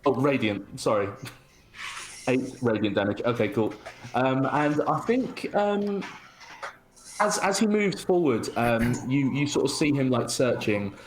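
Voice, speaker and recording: A man's voice: medium pitch, expressive, takes it slowly, slight background noise, rough recording. A man playing a tabletop game, talking hesitantly with many fillers as he describes his turn. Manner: hesitant, full of uhs and ums. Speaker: player.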